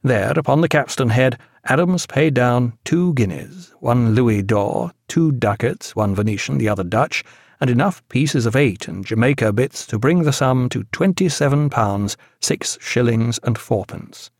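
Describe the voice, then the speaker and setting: Gravelly male audiobook narrator. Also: mid-range voice, lively intonation, a little slow, dry recording, studio quality. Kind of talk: scripted narration.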